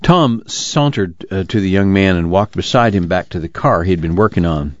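A man reading a novel aloud in steady, measured scripted narration. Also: deep voice, no room sound. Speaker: audiobook narrator. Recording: dull lo-fi recording.

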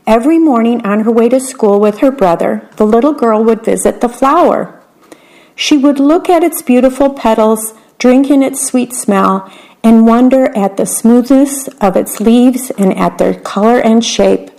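A woman reading picture books aloud in a gentle, unhurried way, describing the pictures as she goes. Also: on the high side, rough recording. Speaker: storyteller.

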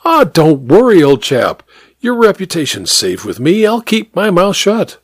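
A man voicing a genial, easygoing gentleman who reassures his friend in a breezy, upbeat way. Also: high voice, sing-song, measured pace, no room sound, clean studio sound, voice pushed up, heavily acted.

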